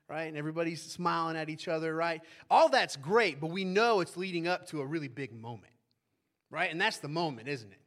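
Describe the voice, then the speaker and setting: A man preaching a sermon as pastor, talking in a relaxed, conversational way and often checking in with listeners by asking "right?". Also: on the high side.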